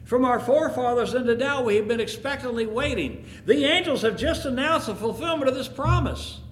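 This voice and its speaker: A man voicing a calm, devout shepherd father who speaks in a measured, firm way. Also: very high voice, a little hiss or hum, voice pushed up. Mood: earnest. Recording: echoey room.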